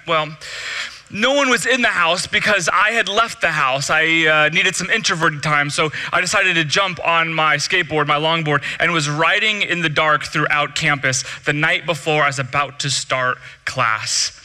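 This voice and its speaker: A man's voice: on the high side, moderate pace, bright, forceful tone. A man pastor preaching a sermon, telling a funny personal story and acting out the dialogue. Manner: humorous storytelling with acted-out dialogue.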